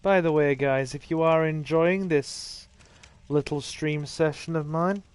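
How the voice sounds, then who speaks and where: A man's voice: a little high, fairly even intonation, a little slow, smooth. A man, casually commentating a livestreamed game with dry, self-deprecating remarks to his chat, dry-mouthed from thirst. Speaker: gaming streamer.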